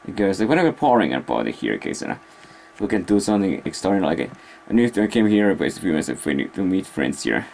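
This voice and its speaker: A man with a fairly low voice talks loosely to the camera in a casual vlog. He wanders from thought to thought, stopping and restarting as he searches for words. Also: sing-song, fast, creaky, darkish tone, slight background noise. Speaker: vlogger. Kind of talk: rambling casual vlog talk.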